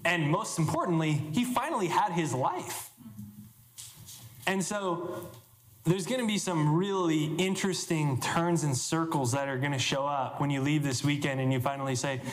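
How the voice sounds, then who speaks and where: A man's voice: fairly high pitch, normal speed, slight background noise. Echoey man telling a story on stage. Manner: animated, many "like" fillers, acts out quotes. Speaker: motivational speaker. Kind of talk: live seminar storytelling. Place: event hall with an audience. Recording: echoey hall recording.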